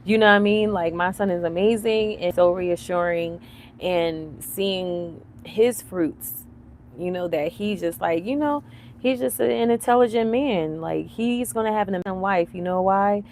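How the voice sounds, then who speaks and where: A woman in her thirties hosting a live commentary stream, chatty and animated, laughing often, with lots of fillers. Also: mid-range voice, unhurried, slight background noise. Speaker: livestream commentary host. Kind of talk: casual commentary chat.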